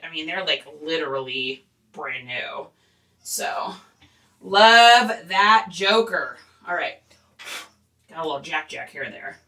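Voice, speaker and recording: A woman's voice: fairly low pitch, bright, forceful tone, far from the mic. A woman who resells online, chatting casually and rambling while she photographs shoes. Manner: chatty and rambling, with fillers and laughs.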